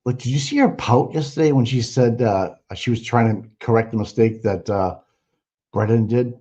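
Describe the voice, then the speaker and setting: A man's voice: medium pitch, moderate pace, warm tone. A man hosting a livestream, talking in a blunt, rambling way with a lot of swearing. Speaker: livestream host. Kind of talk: casual profane livestream commentary. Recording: dull lo-fi audio.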